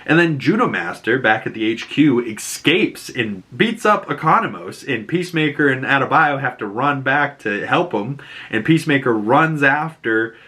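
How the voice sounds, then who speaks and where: A man's voice: medium pitch, animated, moderate pace, bright, forceful tone. A man with a Boston accent recapping a TV episode in casual, profane chat, laughing and jumping into characters' lines. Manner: swearing, laughing, acting out characters' lines in a raised voice. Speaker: show recap host.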